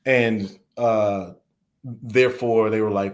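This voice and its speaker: A man's voice: mid-range voice, slow. Man, from the American South, podcast guest, talks at length, frustrated, plays out quoted questions. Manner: frustrated, long-winded, acts out quoted questions. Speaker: interview guest. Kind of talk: podcast interview.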